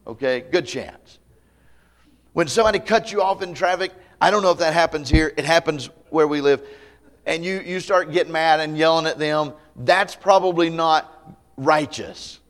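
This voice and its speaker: A man pastor preaching a camp meeting sermon to a congregation, conversational and folksy, with humor and loud emphatic peaks. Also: a little high, normal speed. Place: church meeting before a live congregation.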